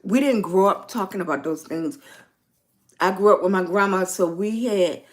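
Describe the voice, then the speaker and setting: A middle-aged woman with a Virginian Southern accent, chatting casually on a livestream, greeting viewers by name and spelling them out. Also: mid-range voice. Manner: slow, warm greetings to chat, spells out viewer names. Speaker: lifestyle livestreamer.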